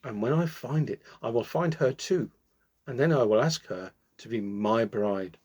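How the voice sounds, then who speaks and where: A man's voice: mid-range voice, animated, moderate pace, a little mellow, slightly rough. A man voicing an earnest, lovestruck young prince in a storybook reading. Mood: determined.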